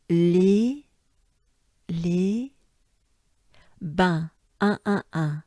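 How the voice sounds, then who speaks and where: A woman's voice: fairly low pitch, extremely slow, pauses often, dark tone, dry recording, studio quality. A woman with a French accent coaching pronunciation, breaking names into syllables and repeating each one several times. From France. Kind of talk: slow pronunciation lesson.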